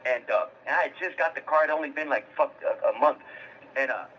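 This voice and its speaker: A man's voice: fairly high pitch, brisk, slightly rough, lo-fi sound. A man hosting a livestream, telling his own story in casual, profane street slang, stammering and repeating words.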